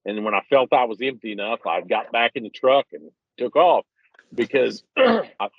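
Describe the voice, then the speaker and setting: A man's voice: medium pitch, lively intonation, normal speed, breathy edge, dry recording. Rambling folksy man on a muffled call. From Missouri, USA. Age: 50s. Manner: rambling, self-deprecating, folksy. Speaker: regular podcast guest. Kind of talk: rambling casual storytelling. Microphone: phone call.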